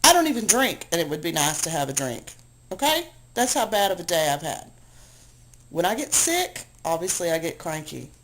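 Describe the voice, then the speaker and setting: A woman at home, worn out and low after a long cry, venting to a camera she aims at herself in a rambling, self-deprecating, exasperated way. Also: sing-song, moderate pace, poor audio. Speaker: video blogger. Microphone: handheld camera she aims at herself.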